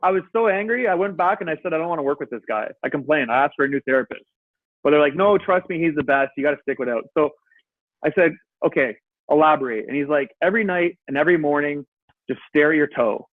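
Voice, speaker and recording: A man telling his story as an interview guest, animated and swearing freely, acting out his own past words. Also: fairly high pitch, fast, dry recording. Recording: tinny phone-like line.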